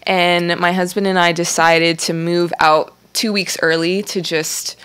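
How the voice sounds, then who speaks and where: A woman's voice: on the low side, flat delivery, unhurried, clean tone. A young woman, a dancer and teacher, telling her story as a podcast guest, casual with many fillers. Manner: soft-spoken, many "um" and "like", acts out quotes.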